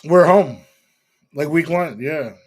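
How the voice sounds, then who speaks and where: A man's voice: fairly high pitch, slow. A young man hosting a casual sports show in a slightly raised voice. He speaks easily and hedges often with fillers. His tone stays loose and conversational. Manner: relaxed, hedging with many fillers. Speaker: podcast host.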